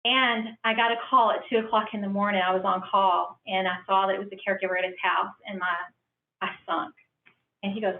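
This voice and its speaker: A woman's voice: medium pitch, level tone, fairly quick, a little hiss or hum. A middle-aged woman, telling a heartfelt personal story to a conference audience in an earnest, emotional way. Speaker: franchise owner speaking at a business conference. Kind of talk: personal testimony talk. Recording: far-off, echoey, phone-like hall audio.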